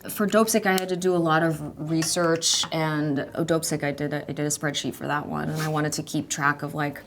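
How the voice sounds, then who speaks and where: A woman's voice: sits low, steady tone, a little fast, slight background noise. An American woman in her twenties, a guest actor in a casual interview, chatty and rambling with many fillers and giggles. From United States.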